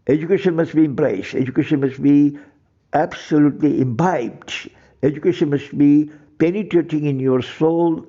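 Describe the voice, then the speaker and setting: A man's voice: a little high, mellow, muffled recording. A man lecturing emphatically, repeating phrases and using ornate words. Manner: emphatic, repetitive, ornate vocabulary. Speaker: teacher. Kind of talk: lecture to camera.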